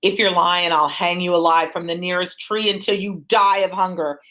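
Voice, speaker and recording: A woman's voice: lowish voice, steady tone, moderate pace, sharp tone, low-quality recording. A woman reading the part of a weary, doomed king aloud from the text in a classroom read-aloud of a play. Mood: grim. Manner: reads the lines aloud from a text. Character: weary doomed Scottish king Macbeth, man.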